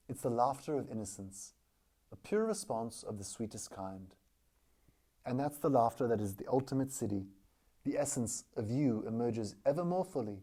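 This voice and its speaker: Guy doing a fake guru talk, all earnest and solemn, mellow warm voice. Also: medium pitch. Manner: mock-solemn, earnest delivery with drawn-out pauses. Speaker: comedic spiritual teacher. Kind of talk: parody of a spiritual talk.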